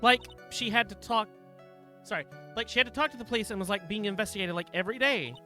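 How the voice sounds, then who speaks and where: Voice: medium pitch, fast, sharp tone, faint music behind, voice pushed up, lightly acted. A streamer voicing a ditzy valley-girl young woman from a courtroom game, filling every sentence with "like". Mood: whiny. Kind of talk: reading game dialogue aloud.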